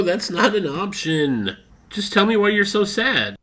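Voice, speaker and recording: A man hosting a comedy podcast with goofy, eager in-character banter. His voice is bright and a little husky, and his pitch swings widely and bounces around. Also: sing-song, measured pace.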